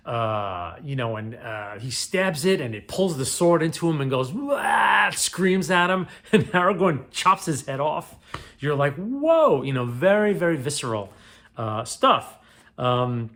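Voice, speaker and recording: A man's voice: medium pitch, a bit bright. A man giving an enthusiastic, rambling spoken review of films, full of fillers and restarts. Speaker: booktube reviewer. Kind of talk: casual spoken film review.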